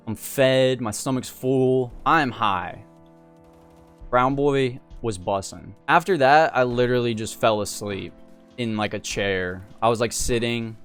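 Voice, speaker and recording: A man spins a casual personal story in a slangy, animated, laid-back voice, his pitch sitting in an ordinary middle range. Faint music plays softly behind him. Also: clean tone. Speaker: storyteller host.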